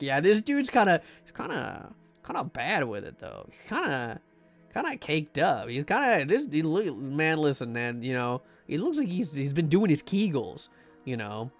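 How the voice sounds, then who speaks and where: Brief: young male streamer, lively slightly high voice, loose joking commentary to chat. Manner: rambling, jokey, lots of restarts and asides. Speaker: livestreamer playing a horror game. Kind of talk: casual gameplay commentary to chat.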